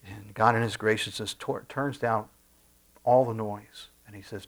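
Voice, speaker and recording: A man preaching a sermon in a conversational way, with frequent restarts and soft asides. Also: lowish voice, steady tone, a little fast, vocal fry. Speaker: pastor.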